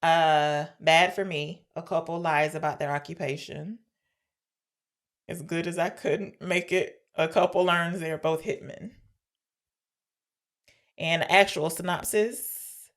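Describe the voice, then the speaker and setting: A woman's voice: lowish voice, steady tone, a little slow. A woman co-hosting a podcast, chatting casually about an old film, explaining the segments and arguing playfully. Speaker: podcast co-host. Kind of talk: casual film-review chat.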